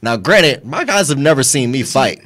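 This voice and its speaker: A man's voice: mid-range voice, normal speed. A man on a radio talk show telling a story in a casual, blunt way, swearing often and speaking from a studio microphone. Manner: profane, blunt, animated retelling of a bar fight.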